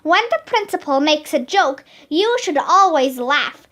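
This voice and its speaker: A very high, bright voice reading a children's chapter book aloud. The reading is careful and slow, with each sentence spaced out. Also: lively intonation. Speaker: read-aloud narrator.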